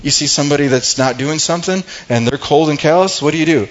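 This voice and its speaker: A man's voice: on the high side, fast, highs cut off. A pastor preaching a sermon in a conversational way, often repeating words and restarting his sentences.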